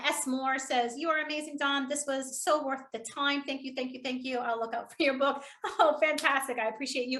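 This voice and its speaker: A woman's voice: high-pitched, fairly bright tone. A woman leading a live online public speaking workshop, upbeat and encouraging, laughing often with participants. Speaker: public speaking trainer hosting a webinar.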